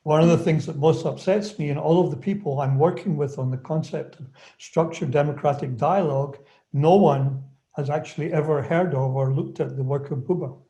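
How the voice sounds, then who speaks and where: A man with a fairly high yet mellow, dark voice makes an earnest point to an online seminar over a video call. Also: fairly even intonation, moderate pace.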